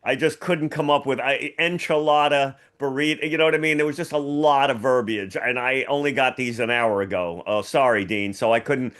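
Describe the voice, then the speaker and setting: A man's voice: mid-range voice, normal speed, hardly any pauses, fairly bright tone. A man on a comedy radio panel, rambling and self-mocking, with lots of restarts. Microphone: studio mic.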